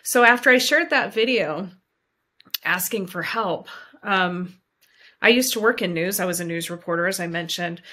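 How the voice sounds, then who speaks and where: Bright-voiced woman telling her story. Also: lowish voice, normal speed. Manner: earnest, heartfelt, speaks with conviction. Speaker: guest. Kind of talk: emotional personal storytelling.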